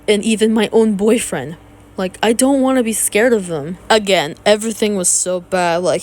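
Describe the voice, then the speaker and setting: A woman giving an emotional commentary rant, tearful and close to crying, raw and heated, with stumbling restarts. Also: medium pitch. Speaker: YouTube commentator.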